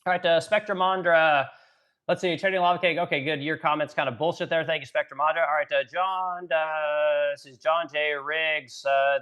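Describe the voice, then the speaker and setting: A man's voice: a little high, a bit bright. A man in his forties from Missouri, hosting a livestream and ranting profanely about politics while reading chat comments. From Missouri, USA. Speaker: livestream host.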